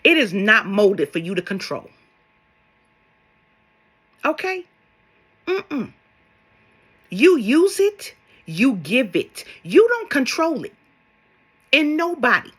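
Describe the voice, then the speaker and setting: A woman's voice: a little high, very animated, slow pace, long pauses, fairly bright tone, husky. A woman speaking as a spiritual love coach in a vlog monologue, blunt and sassy, swearing and firing rhetorical questions at her viewers.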